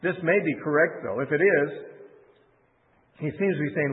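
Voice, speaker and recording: A man's voice: a little high, normal speed, long pauses. A man teaching through a Bible book verse by verse, talking freely and reading passages aloud. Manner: unscripted, with restarts and reading aloud from scripture. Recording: tinny phone-like sound with long reverb.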